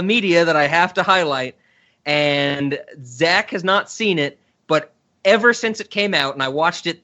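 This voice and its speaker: A man's voice: on the high side, pushed and bright. Rambling male podcast host, dull audio. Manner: rambling, enthusiastic retelling. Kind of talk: casual podcast chat. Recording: dull lo-fi sound.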